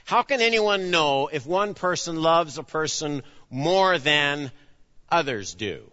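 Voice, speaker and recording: A man preaching a sermon, acting out the dialogue of his story and swinging between loud emphasis and hushed, low delivery. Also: expressive, takes it slowly, long reverb tail, dull audio. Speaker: pastor.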